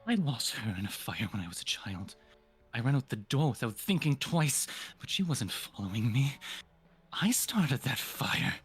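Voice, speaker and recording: A man voicing a haunted villain who loves fire, giving a grim confession that sinks to a hush. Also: mid-range voice, big pitch swings, moderate pace, husky, faint music behind, exaggerated voice. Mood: brooding.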